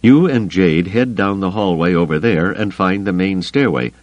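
A male audiobook narrator voicing a calm, commanding veteran officer who speaks in a measured, quiet way. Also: low voice, dry recording, lo-fi sound, lightly acted. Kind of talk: audiobook character voice.

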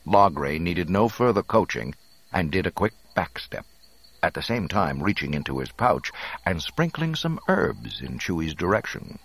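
Very deep, gravelly male narrator. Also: moderate pace, dry recording. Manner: expressive, dramatic reading. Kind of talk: storybook reading.

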